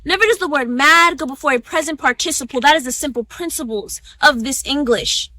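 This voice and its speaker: A woman's voice: high-pitched, brisk, bright, forceful tone, no echo. A young woman performing a spoken-word oratory speech, reciting with rhythmic, emphatic stresses. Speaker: student orator.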